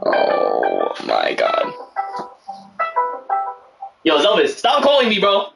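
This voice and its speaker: A young man calls a game live on stream, cracking jokes and wandering off into slangy asides between plays. His voice sits a little on the high side for a man. The tone stays loose and casual. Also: wildly swooping pitch, takes it slowly, creaky, over music. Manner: joking, rambling, slangy asides. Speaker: game commentator. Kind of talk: casual livestream play-by-play commentary.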